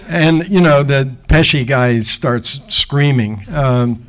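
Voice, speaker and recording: Guy in his 60s giving a talk, telling a story animated, normal mid voice, acting out the people in it. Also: medium pitch, slow, poor audio. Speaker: guest speaker. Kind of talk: storytelling lecture.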